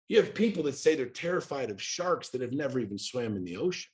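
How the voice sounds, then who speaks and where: A man's voice: medium pitch, sing-song, quick pace, few pauses. Blunt, profane man in his forties. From United States. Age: 40s. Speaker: podcast guest. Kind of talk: casual chat.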